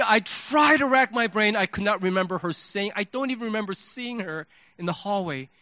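A male pastor preaching a sermon, telling a story in an animated way and acting out his own reactions. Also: high voice, dry recording, lo-fi sound.

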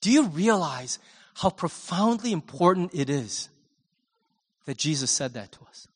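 Male pastor preaching, chatty and animated, loud then hushed, high voice, long church echo. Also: unhurried, slightly rough. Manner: conversational, animated, swings between loud and hushed. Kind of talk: sermon.

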